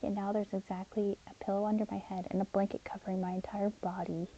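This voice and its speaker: A woman's voice: mid-range voice, little pitch movement, fast, warm tone, muffled recording. Woman narrating as a caring young man. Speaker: narrator and voice actor. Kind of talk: first-person audio story narration.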